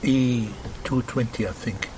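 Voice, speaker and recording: A man's voice: medium pitch, measured pace, darkish tone, a little hiss or hum, low-quality recording. An older man answering an interview hesitantly, in short replies. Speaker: interview guest.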